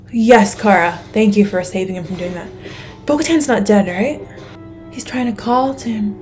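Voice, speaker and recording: A young woman reacting out loud to a show, gasping and thinking aloud as she watches. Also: medium pitch, moderate pace, faint music behind. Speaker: reaction video host. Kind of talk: live reaction commentary.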